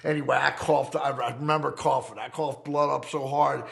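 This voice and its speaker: A man's voice: mid-range voice, fairly even intonation, moderate pace, vocal fry, fairly bright tone. A man telling a wild story from his past in casual, profane street talk, often checking in with "right?". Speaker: documentary interviewee. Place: fireside.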